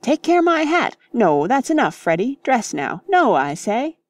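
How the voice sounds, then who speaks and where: A woman's voice: a little high, big pitch swings, a little slow, no echo, clean studio sound, pitched above the performer's own voice. A woman voicing a flustered middle-aged male country vicar, calling out fussing warnings.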